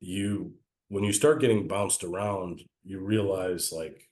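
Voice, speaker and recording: A man's voice: low voice, fairly even intonation, takes it slowly, few pauses, a little mellow. A man, a baseball coach and former player, talking earnestly and reflectively about his career in a casual interview. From Italian-American family. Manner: reflective, earnest, speaks of faith.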